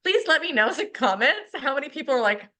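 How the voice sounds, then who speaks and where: A woman co-hosting a podcast in casual chat, emphatic and sarcastic, quick to agree. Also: sits high, very animated, pushed and bright. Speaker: podcast co-host.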